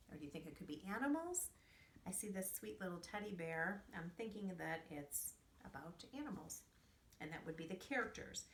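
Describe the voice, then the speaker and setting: A woman teaching young children in a remote lesson, speaking in a slow, clearly enunciated, sing-song way. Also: medium pitch, fairly bright tone. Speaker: preschool teacher. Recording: roomy echo, distant from mic.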